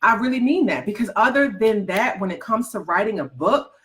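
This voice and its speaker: A woman's voice: mid-range voice, a little fast, a bit bright. A woman coaching aspiring book writers in a motivational talk to a live audience, emphatic and repetitive, teasing her listeners and calling them "baby". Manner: folksy, calls listeners "baby".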